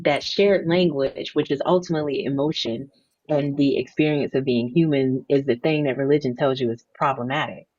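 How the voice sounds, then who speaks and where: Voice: medium pitch, a little mellow, muffled recording. A host answering a guest's story with earnest, thoughtful commentary. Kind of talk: reflective talk-show commentary.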